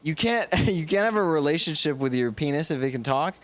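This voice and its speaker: Young male podcast co-host, slightly high voice, rambling crude teasing. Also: lively intonation, a little fast, a bit bright, no echo. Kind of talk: casual joking chat.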